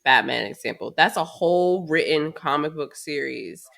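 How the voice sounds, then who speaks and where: Blunt, bright-voiced woman co-host. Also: low voice, lively intonation, moderate pace, gravelly. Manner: blunt, outspoken, swears freely. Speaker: podcast co-host. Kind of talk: casual chat.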